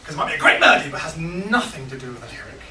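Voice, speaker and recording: A man leading a songwriting workshop for a small group, talking in a relaxed, halting way with plenty of ums and restarts. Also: a little high, recorded from a distance, a crowd in the background. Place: large hall with a small group. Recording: echoey room, picked up from afar, noisy.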